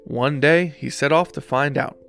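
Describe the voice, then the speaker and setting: A man hosting a show where he reads a children's picture book aloud in an expressive storytelling voice. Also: a little high, moderate pace, vocal fry, soft background music. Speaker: host reading children's books.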